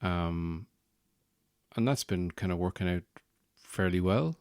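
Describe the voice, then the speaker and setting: Low-voiced man, dry joking host. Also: slow pace, a little mellow, clear, resonant tone, dry recording. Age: young adult or middle-aged new father. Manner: dry, self-deprecating, joking. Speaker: podcast host. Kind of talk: casual monologue.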